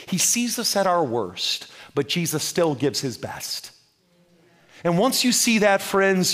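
A male preacher with a notably high-pitched voice delivers a sermon. His delivery is fervent and rhythmic, and he keeps addressing the congregation as friends as he presses his points home. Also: a bit bright.

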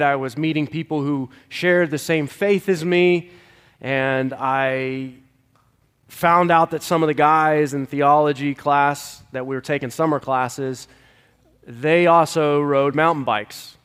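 A man's voice: a little high, fairly even intonation, takes it slowly, fairly bright tone, smooth. Young man, pastor, sermon; nasal and congested, earnest delivery, long hall reverb. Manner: earnest, pleading, with fillers and restarts. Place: church sanctuary.

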